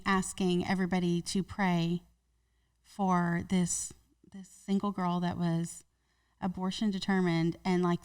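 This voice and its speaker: A woman's voice: fairly low pitch, far from the mic. A woman co-host in a casual chat, speaking in a heartfelt, reflective way.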